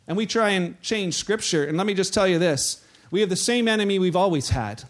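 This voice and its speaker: Male pastor with a high voice, preaching through anecdotes and playing every quoted voice himself. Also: brisk. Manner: storytelling, acts out quoted voices. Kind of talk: sermon.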